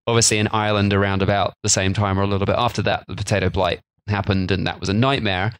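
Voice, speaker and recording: A man's voice: on the low side, flat delivery, quick pace, fairly bright tone, clear, resonant tone, dry recording. Jokey, rambling male podcast host. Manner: jokey, rambling, slips into silly voices. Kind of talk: casual food podcast chat.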